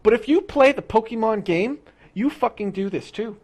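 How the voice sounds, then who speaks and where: A young adult streamer rambles to chat in a loose, profane rant. The talk stumbles and restarts, repeats words, and breaks into quick impressions of characters mid-sentence. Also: medium pitch, a little mellow, husky. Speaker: livestreamer talking to chat.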